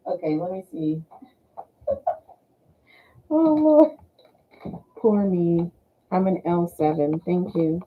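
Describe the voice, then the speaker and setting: A woman with a Southern US accent giving a casual tarot reading, chatty and giggly, softly thanking the angels. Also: lowish voice, expressive, slow pace, long pauses, breathy edge. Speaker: tarot reader. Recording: tinny phone-like sound.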